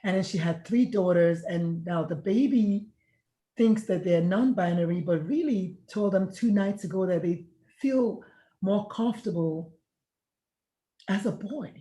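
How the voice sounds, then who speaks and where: Warm-voiced woman telling her story. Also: medium pitch, measured pace. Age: middle-aged. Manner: reflective, earnest, retells conversations in dialogue. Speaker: guest, retired pediatrician and life coach. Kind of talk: conversational storytelling interview. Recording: echoey room sound.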